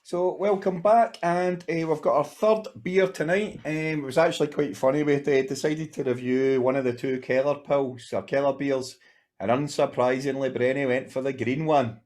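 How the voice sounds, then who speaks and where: A man's voice: medium pitch, fairly even intonation, normal speed, darkish tone. Easygoing man co-hosting a podcast. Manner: easygoing, jokey. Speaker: podcast co-host.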